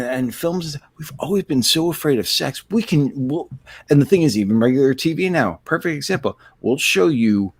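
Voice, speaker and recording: A man's voice: medium pitch, no echo. A man co-hosting a casual podcast chat, asking rambling questions. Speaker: co-host.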